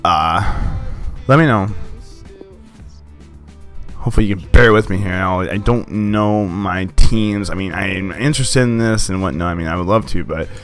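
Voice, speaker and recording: A young man casually commenting on his own gameplay, excitable and rambling, swearing and laughing often. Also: sits low, normal speed, soft background music.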